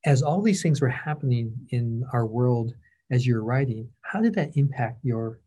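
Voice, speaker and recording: A middle-aged man interviewing an author in a thoughtful, halting way. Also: medium pitch, lively intonation, dark tone, breathy edge. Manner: thoughtful, halting, gets emotional. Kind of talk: conversational interview.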